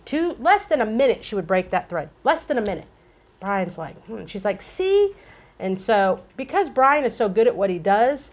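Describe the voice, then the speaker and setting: A middle-aged woman co-hosting a casual chat, telling animated stories and acting out dialogue. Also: medium pitch. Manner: animated storyteller, acts out dialogue. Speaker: co-host.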